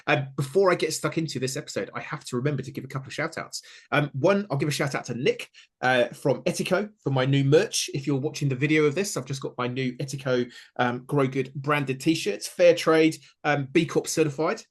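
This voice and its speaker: A man's voice: fairly high pitch, fairly quick. Upbeat New man hosting a podcast. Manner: chatty, upbeat, many fillers and restarts. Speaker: podcast host. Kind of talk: casual interview chat.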